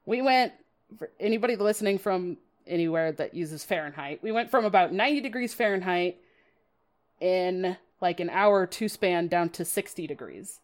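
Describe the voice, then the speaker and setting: A woman hosting a podcast, chatting casually and laughing at herself. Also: lowish voice. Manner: chatty, self-deprecating, laughs often, dramatic quoted asides. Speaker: podcast host. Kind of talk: casual podcast talk about card game strategy.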